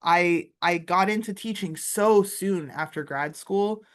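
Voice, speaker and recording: A woman's voice: fairly low pitch, measured pace. A woman in her thirties from Florida, an artist and comics teacher, chatting casually in an interview with lots of filler words over a video call. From Florida, USA. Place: art studio, indoors.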